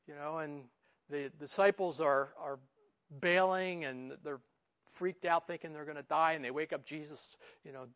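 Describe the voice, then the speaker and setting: Man teaching scripture in a fairly high voice. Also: fairly even intonation, normal speed, fairly bright tone. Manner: informal, frequent "you know" asides; rises in pitch and volume for emphasis. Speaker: pastor. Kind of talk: conversational verse-by-verse Bible teaching.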